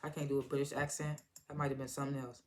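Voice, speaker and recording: A reviewer giving a casual, animated recap of a TV episode, with loose, chatty talk full of asides and restarts. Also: mid-range voice, very fast. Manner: animated retelling, slipping into quoted lines and laughing.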